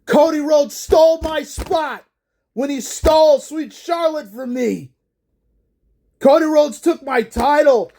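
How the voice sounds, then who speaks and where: A man voicing a bitter male wrestling boss who rants and raises his voice to shouts. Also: high voice, animated, slow, slight background noise. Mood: bitter ranting. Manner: ranting, raising voice to shouts.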